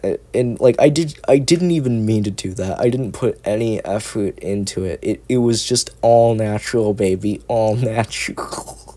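A man's voice: lowish voice, normal speed, mellow. A young man chatting casually at home into a cheap microphone, rambling, swearing and making self-mocking jokes. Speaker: ASMR content creator.

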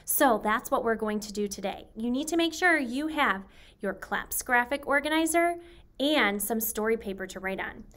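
Woman primary teacher, slightly high voice, slow careful enunciation, spells words out for young kids. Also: lively intonation, fairly bright tone. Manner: slow and deliberate, sounding out words letter by letter; encouraging, clearly enunciated teacher voice. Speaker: elementary school teacher. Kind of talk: recorded writing lesson for young children.

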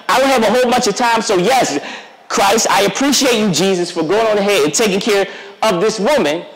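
A man, a youth pastor, preaching a conversational sermon to the congregation and speaking directly to them, now and then acting out the voices of Bible figures. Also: high voice. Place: church sanctuary. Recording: long reverb of a church sanctuary.

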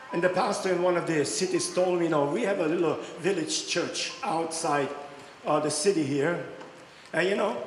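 A man preaching a sermon, telling stories in a lively way and rising to excited shouts. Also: a little high. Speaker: pastor. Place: church hall. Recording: echoey hall with faint music.

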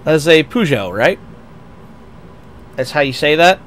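A young American man, a VTuber, streams a racing game and chats casually, reading chat aloud and rambling with lots of restarts and self-deprecating asides. His voice is a little high and a bit bright, with big pitch swings and a measured pace. There's slight background noise.

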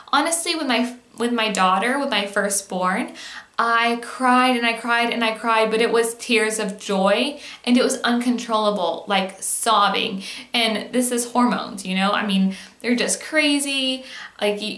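A woman's voice: fairly high pitch, moderate pace, fairly bright tone, reverberant. A woman, chatting candidly to camera as a mom vlogger, with lots of fillers and easy laughter. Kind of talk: casual chat to camera.

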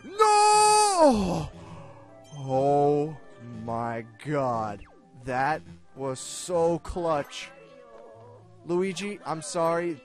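A young man commenting on his own gameplay, excitable, self-mocking, and given to shouting at the game. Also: a little high, drawn-out words, faint music behind. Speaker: gaming video host. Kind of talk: let's play commentary.

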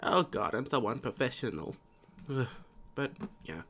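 A man chats his way through a live gameplay stream, tired and slow-paced, with a middling pitch. He rambles and mutters to himself between thoughts, as if there is no rush to get anywhere. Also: expressive, a bit bright.

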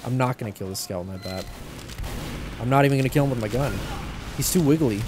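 A man at a mid pitch, chatting casually while he plays and rambling from thought to thought. He jokes at his own expense as he goes. Loud game gunfire and noise sit under his voice. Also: fast talker, long pauses. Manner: rambling, self-deprecating and joking. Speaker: YouTuber. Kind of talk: casual gameplay commentary.

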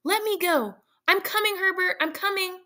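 A woman voicing a desperate, grieving old mother in a storybook reading, crying out high and loud. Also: normal speed. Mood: frantic. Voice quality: shrill, crying out.

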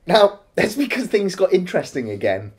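A man co-hosting a film review chat, walking through the plot scene by scene. His pitch rises and falls a lot, and he keeps a calmer, more measured tone as he argues his points.

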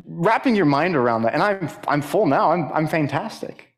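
A young man speaking in church, giving a personal testimony sermon in a halting way with many fillers and restarts. He climbs higher and grows more emphatic as he gets stirred. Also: expressive.

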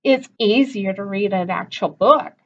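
A practical, no-nonsense mother who speaks firmly and slowly, voiced by a woman reading a storybook. The recording is dull and lo-fi. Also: medium pitch, a bit bright, a little hiss or hum.

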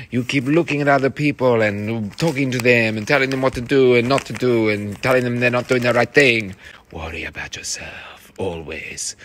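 A man sits reading notes to his cast after a rehearsal, running through each performer in turn. He praises freely and repeats instructions to make them stick. His voice sits at an ordinary middle pitch. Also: a bit bright. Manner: encouraging, reads notes aloud, repeats phrases. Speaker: theatre director.

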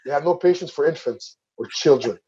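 A man's voice: a little high, fairly quick, dark tone, highs cut off, a little hiss or hum. A man co-hosting a casual podcast, speaking frankly and reflectively about parents. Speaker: podcast co-host. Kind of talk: casual chat.

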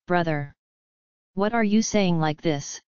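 A woman voicing a wily, sharp-tongued male Vaishnava devotee in an audiobook, with a teasing manner. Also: on the low side, takes it slowly, clear, resonant tone, dry recording, dull audio. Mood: reproachful. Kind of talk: audiobook character reading.

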